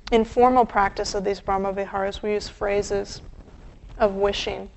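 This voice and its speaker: A woman meditation teacher giving a dharma talk, gentle and reflective, with pauses. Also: medium pitch, fairly even intonation, creaky, a little hiss or hum, low-quality recording.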